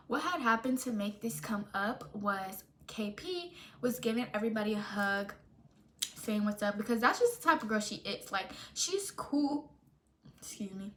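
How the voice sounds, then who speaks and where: A young storytime vlogger with a fairly high voice tells her story casually and with lots of animation, over a slight hiss or hum. She's chatty, full of "like" fillers and self-interruptions, and acts out dialogue from her friends.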